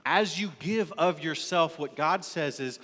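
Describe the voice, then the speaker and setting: A man preaches a sermon from the pulpit, telling a story and briefly acting out its characters. His voice sits fairly high for a man. The sound carries a long reverb from the church sanctuary. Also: a little slow, a bit bright. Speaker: lead pastor.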